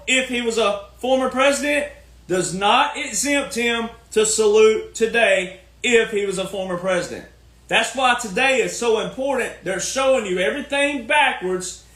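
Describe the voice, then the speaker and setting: A man with a very high-pitched, sharp voice works as a commentary host, delivering a preachy, folksy political monologue full of repeated points. Echo from a roomy space colors the recording.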